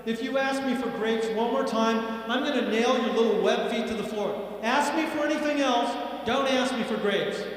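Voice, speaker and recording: A man's voice: high voice, moderate pace, distant mic, close to an everyday voice. A man voicing an exasperated store manager who threatens a pestering customer in a joke. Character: irate male store manager losing patience. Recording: echoey hall with long reverb.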